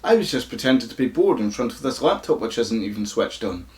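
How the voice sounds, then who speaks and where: A Scottish YouTuber with a croaky voice, casually flubbing takes and swearing at his own mistakes. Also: mid-range voice, very animated, fairly quick. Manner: swears freely at his own flubs, self-mocking.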